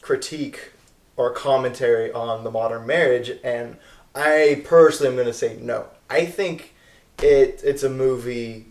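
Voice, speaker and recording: A young man co-hosting a casual movie review podcast, giving measured opinions with dry quips. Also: medium pitch, darkish tone. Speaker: podcast co-host. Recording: echoey room.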